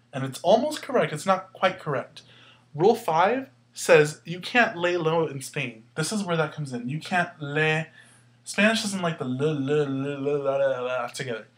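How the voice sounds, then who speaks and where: A man's voice: on the high side, fairly bright tone. A man teaching a Spanish grammar lesson, explaining patiently step by step and asking questions as he goes.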